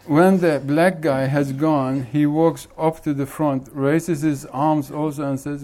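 A man's voice: a little high, steady tone, mellow. A man who is a spiritual teacher, chuckling as he tells a joke in casual talk. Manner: unhurried, chuckling often.

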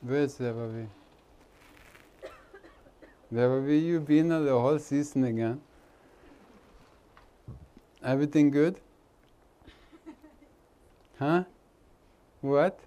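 Male spiritual teacher with an Indian accent, informal talk to a group, unhurried and warm-toned, playful and teasing. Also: medium pitch. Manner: chatty, teasing, laughs often, nonnative grammar.

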